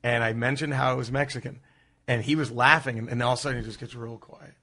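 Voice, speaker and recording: Bright, animated storytelling man. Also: medium pitch, fast talker. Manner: animated storyteller who acts out quotes. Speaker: comedian guest. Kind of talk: storytelling in casual chat.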